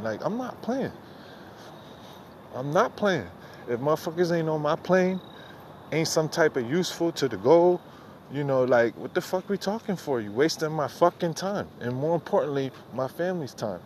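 A man's voice: on the high side, a little hiss or hum. A man hosting a podcast, delivering an unfiltered late-night rant outdoors into a phone headset, rambling, profane and exasperated. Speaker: podcast host. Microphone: phone with headphones.

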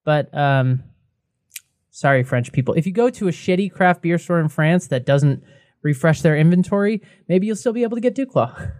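A man's voice: on the high side, expressive, normal speed, a little mellow, no room sound, studio quality. A young man co-hosting a casual beer podcast, chatty and laughing often. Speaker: podcast co-host. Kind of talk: casual beer review chat.

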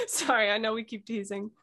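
A woman's voice: fairly high pitch, a bit bright, husky. A woman guesting on a podcast in casual chat, teasing and giggly.

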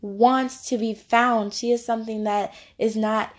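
A woman's voice: fairly high pitch, steady tone, a little slow. A woman hosting a podcast Bible study, teaching in a chatty, informal way and laughing easily. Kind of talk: casual devotional teaching.

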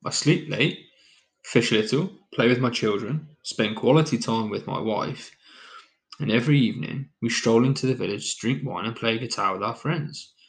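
Proud, contented fisherman read by a man in a parable reading; mid-pitched, nearly his own voice. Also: normal speed, natural voice. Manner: plain storybook reading of quoted lines.

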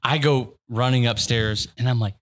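A man's voice: mid-range voice, normal speed. A man in his thirties co-hosting a casual podcast, telling a parenting story with acted-out quotes and frequent laughter. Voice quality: animated storyteller, acts out quotes, laughs often. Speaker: podcast co-host. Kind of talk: casual chat.

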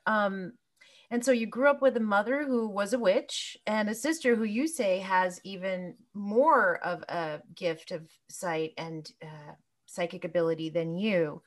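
A woman with a mid-range voice hosts an interview. She asks loose, friendly questions and often pauses with fillers as she gathers her thoughts. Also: medium pitch. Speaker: interviewer host. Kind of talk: casual interview.

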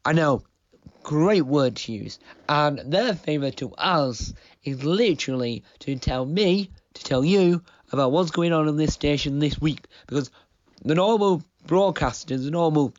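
A man voicing a chatty presenter called Donald in a comic radio sketch, soft and meandering. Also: on the high side, expressive, unhurried, no room sound, lo-fi sound. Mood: rambling.

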